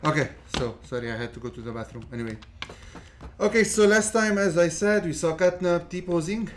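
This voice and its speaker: A gaming channel host giving laid-back let's play commentary, mumbling and swearing, then yelling at the monsters. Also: mid-range voice, a little fast, a little hiss or hum.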